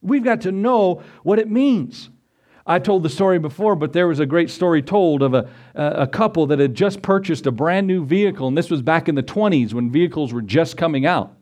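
A man preaching to his congregation in a folksy, conversational way. His voice sits a little high for a man, and he drifts into acted-out quotes and short stories to make his point. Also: lively intonation, a little fast, darkish tone. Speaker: pastor. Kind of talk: sermon.

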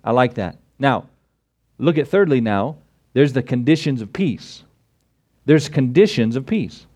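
A middle-aged man preaching a sermon, swinging his pitch up and down and stretching words for emphasis. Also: lively intonation, measured pace, darkish tone. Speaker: pastor.

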